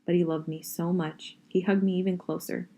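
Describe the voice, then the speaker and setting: A woman reading a novel aloud in a steady, first-person audiobook style. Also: lowish voice, normal speed. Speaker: reader.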